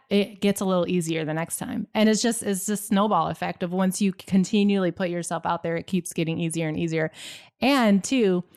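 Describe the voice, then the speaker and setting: A woman's voice: medium pitch, smooth. A woman guest on a podcast, an author and creative coach, speaking with eager enthusiasm in casual chat. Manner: enthusiastic, quick laughs.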